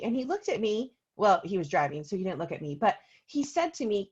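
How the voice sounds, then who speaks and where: A woman's voice: mid-range voice, sing-song, fast, hardly any pauses, breathy edge, muffled recording. A woman chatting on a video call as a meeting co-host, telling stories with lots of ums. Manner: chatty storyteller, many ums. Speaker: co-host of an oils business meeting. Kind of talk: casual video call talk.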